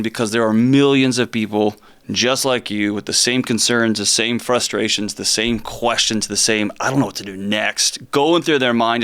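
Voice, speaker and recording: A middle-aged man hosting a talk show from a studio, talking with animated energy and sarcastic, joking asides. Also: mid-range voice, smooth. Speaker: host. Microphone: close studio mic.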